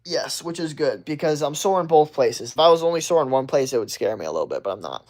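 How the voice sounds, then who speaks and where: A man talks straight into his livestream in a blunt, profane rant. He rambles and restarts his sentences, and his pitch swings widely when he acts out other people's excuses in a higher voice. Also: big pitch swings, fast, a little mellow. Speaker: livestream host.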